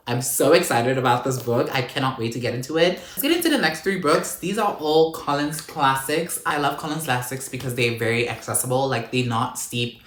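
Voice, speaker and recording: A man's voice: mid-range voice, a little fast, few pauses, a bit bright. A man chatting casually about his book pickups in a playful, exclamatory, campy way, full of asides. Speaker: book vlogger. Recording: roomy echo.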